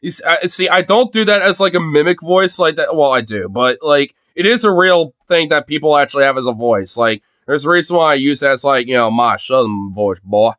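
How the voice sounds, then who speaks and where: Young male streamer host, casual swearing rambler, smooth dry tone. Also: fairly high pitch, lively intonation, fairly quick, few pauses, fairly bright tone, no echo. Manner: rambling, laughs often, swears freely. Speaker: streamer host reacting to videos. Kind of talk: casual reaction chat.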